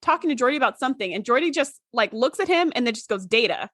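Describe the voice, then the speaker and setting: A woman's voice: high voice, lively intonation, racing, fairly bright tone, dry recording, clean studio sound. A woman co-hosting a podcast in casual chat, enthusiastic and full of "like" fillers. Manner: enthusiastic, uses many "like" fillers. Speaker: podcast co-host.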